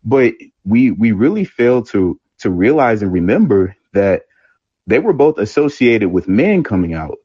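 A young man calling in to a live chat room, earnestly explaining his views with many pauses and restarts. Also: fairly low pitch, sing-song, dark tone, slightly rough, no room sound. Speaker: caller. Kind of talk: opinion call-in. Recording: dry lo-fi online audio.

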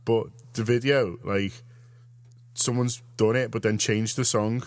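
A man's voice: fairly low pitch, steady tone, unhurried, dry recording. A man, co-hosting a radio show and telling a rambling story in casual chat. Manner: rambling, self-interrupting storyteller.

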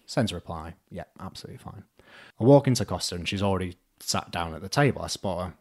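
A man's voice: low voice, fast talker. Young man telling a story. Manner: animated storyteller, acts out both sides with "I'm just like". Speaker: podcast guest. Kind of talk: casual storytelling.

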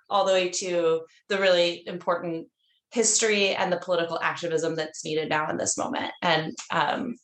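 A woman's voice: on the low side, reverberant. A woman co-hosting a podcast, thanking her guests and wrapping up the interview in a casual, grateful way with frequent laughter. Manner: warm, grateful, laughs often. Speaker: podcast co-host.

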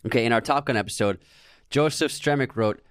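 A man's voice: medium pitch, brisk, clear, resonant tone, no room sound, studio quality. A man co-hosting a podcast in casual chat, often laughing as he reads out listener comments. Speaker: podcast co-host.

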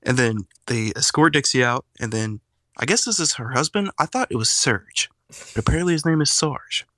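A man walking through a scene on a podcast in a plain, steady way. His voice is bright, with a lively pitch, and sounds dry and close to the mic. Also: normal speed, dry recording. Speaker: podcast co-host. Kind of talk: casual podcast banter.

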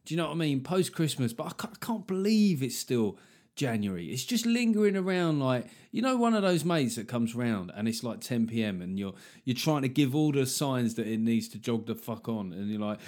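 A man's voice: mid-range voice, darkish tone. A man hosting his own podcast, talking casually and jokily, rambling through asides and little acted-out bits. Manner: chatty, jokey, rambling with asides and acted-out quotes. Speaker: podcast host. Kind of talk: casual solo chat.

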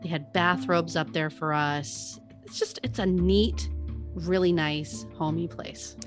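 A woman's voice: lowish voice, steady tone, slow, over music. A woman co-hosting a podcast in casual chat, musing and hedging her opinions with a ready laugh. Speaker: podcast co-host.

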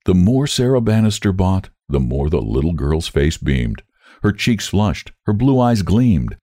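A man narrating a story aloud with a measured, expressive reading. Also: low voice, dry recording, studio quality. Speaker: audiobook narrator.

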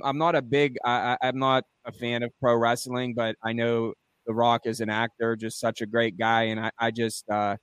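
Man, clear smooth voice, dry close sound, halting casual co-host. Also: mid-range voice, no room sound. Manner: halting, many restarts. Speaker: podcast co-host. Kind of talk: casual sports podcast chat.

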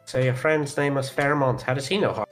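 A tabletop player with a mid-pitched voice asks practical, plain questions. Faint music plays in the background. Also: fast. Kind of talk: casual tabletop role-play.

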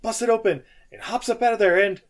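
A man with a slightly raised voice talks through a film's plot in a relaxed podcast chat. He laughs between beats and jumps into quick impressions of the characters. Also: sits high. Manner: loose, laughing, acts out characters' lines. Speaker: podcast co-host. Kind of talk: casual film recap chat.

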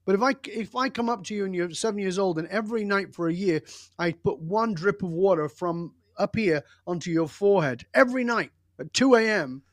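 An older man speaking as an interview guest, his voice sitting a touch higher than most men's. He tells his story with blunt, emphatic intensity and a hint of profanity, in a dry, close recording with no room sound. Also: fairly quick, dry recording. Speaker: podcast guest.

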